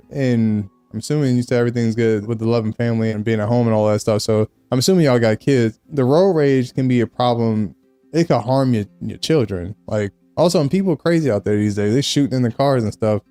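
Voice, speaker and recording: A man's voice: mid-range voice, warm tone, clear, resonant tone, no room sound. A man hosting a relationship advice show, answering letters in a frank, joking way with blunt slang and frequent laughs.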